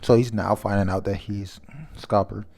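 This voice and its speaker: A man's voice: lowish voice, fairly even intonation, moderate pace, gravelly, darkish tone. A man casually reading through a comic chapter aloud, chatty and stumbling over names, often laughing. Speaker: comic reader and reviewer.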